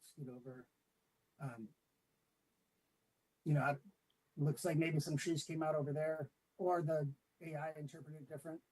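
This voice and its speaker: A man presenting his mapping work to a committee in a relaxed, explanatory way, with many fillers. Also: a little high, normal speed, long pauses, husky, poor audio. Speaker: city staff presenting a tree map. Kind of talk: meeting presentation. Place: public meeting room with remote attendees.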